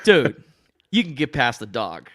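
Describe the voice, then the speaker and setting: A man co-hosting a podcast, talking in a quick, animated, joking way. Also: mid-range voice. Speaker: podcast co-host. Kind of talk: casual chat.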